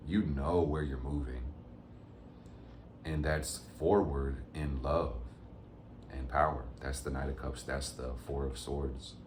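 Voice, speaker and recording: A man's voice: very deep voice, fairly even intonation, takes it slowly, darkish tone, roomy sound, a little hiss or hum. A man giving a casual, upbeat tarot reading to his viewers, full of motivational pep talk. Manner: upbeat, motivational, addresses viewers as fam and gang. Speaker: tarot reader.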